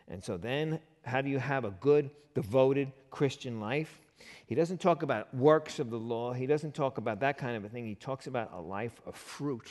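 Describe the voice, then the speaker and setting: A man pastor preaching a sermon in a lively, conversational way, firing off rhetorical questions at his congregation. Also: medium pitch, normal speed, long reverb tail.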